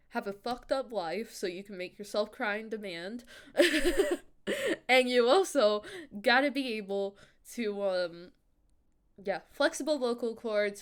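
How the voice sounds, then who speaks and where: A woman streamer and voice actor chatting casually with her viewers, animated, laughing often and swearing freely, using a higher character voice. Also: unhurried.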